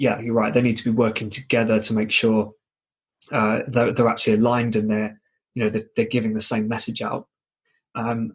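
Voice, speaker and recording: A man's voice: fairly low pitch, slightly rough. A man hosting a podcast interview, chatting casually and hedging with many fillers. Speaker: podcast host.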